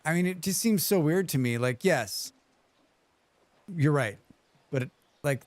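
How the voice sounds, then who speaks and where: A man's voice: mid-range voice, clean tone, dry recording. A man streaming a game, chatting casually and muttering questions and reactions at the screen. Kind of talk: casual gaming commentary.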